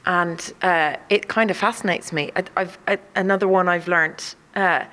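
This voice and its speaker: A woman from the Welsh borders talks in a relaxed, reflective way, her voice sitting a little low. She speaks as an artistic director being interviewed, pausing with fillers as she thinks. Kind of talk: casual interview.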